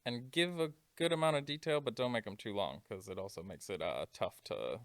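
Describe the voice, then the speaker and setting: A man's voice: medium pitch, brisk, fairly bright tone, no room sound. A man co-hosting a podcast, chatting in a laid-back, matter-of-fact way. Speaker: podcast co-host. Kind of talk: casual chat.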